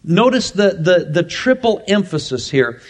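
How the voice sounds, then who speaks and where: A man with a high-pitched voice preaching a sermon. He is emphatic and leans on repetition, drawing out key words to stress them. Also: big pitch swings, a little slow. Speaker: pastor.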